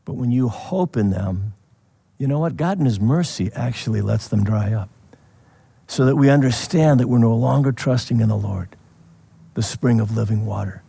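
A man preaching a sermon in a conversational way, asking the listeners questions and laughing softly now and then. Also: medium pitch, moderate pace, gravelly, breathy edge. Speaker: pastor.

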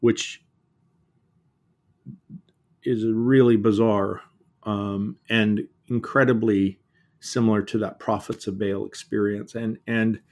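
Earnest halting man telling stories. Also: fairly low pitch, flat delivery, darkish tone. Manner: earnest, often halting and repeating words. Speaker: author and guest. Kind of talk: reflective conversation.

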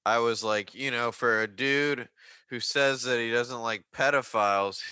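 A man drops wry, deadpan asides in a casual chat. His voice is bright and crisply clear, and it is recorded dry and close with no room sound. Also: mid-range voice, measured pace, no echo. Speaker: guest.

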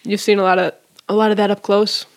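A chatty podcast host leads a casual interview in a mid-pitched voice. The host talks freely and asks broad, open questions. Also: level tone, fast talker.

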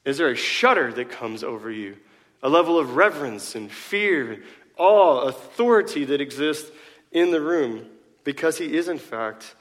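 A man's voice: medium pitch, big-room sound. A male pastor preaching a sermon in a conversational way, full of rhetorical questions and joking asides.

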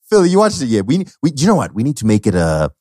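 A man's voice: mid-range voice, mellow, dry recording, studio quality. A man hosting a podcast in casual chat, laid-back and prone to repeating himself. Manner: laid-back, repeats words, says dope. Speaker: podcast host.

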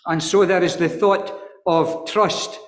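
A man preaching an earnest expository sermon, stumbling and repeating words, and reading scripture slowly in old-fashioned wording. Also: high-pitched, fairly even intonation. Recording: echoey hall with long reverb.

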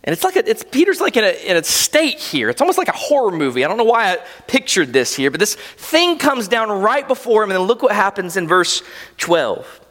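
Animated high-voiced male preacher. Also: brisk, long reverb tail. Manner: animated, vivid storytelling preacher. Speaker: pastor. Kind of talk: sermon.

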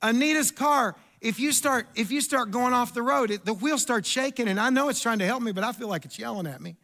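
High, bright-voiced preacher man. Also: brisk. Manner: animated, storytelling with asides and repeats. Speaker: pastor. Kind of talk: sermon.

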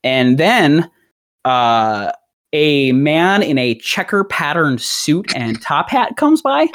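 Woman, low-pitched, lively intonation, rambling podcast storyteller who laughs a lot. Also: takes it slowly. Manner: rambling, laughs often, acts out characters' lines. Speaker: podcast host explaining a story plot. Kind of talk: casual comedic podcast chat.

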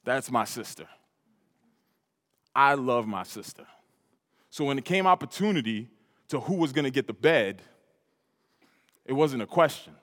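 A pastor from New York preaching a sermon, telling a personal story with repeated, emphatic phrases. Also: male voice, medium pitch, animated, measured pace, pauses often, fairly bright tone. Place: church hall. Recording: reverberant hall.

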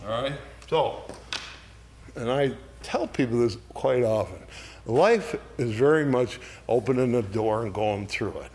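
A man's voice: mid-range voice, a little slow, slight background noise. A man leading an adult Bible study, explaining verses in a conversational way and often checking in with "all right?". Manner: explains verses by acting out lively quoted voices. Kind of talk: unscripted Bible study teaching.

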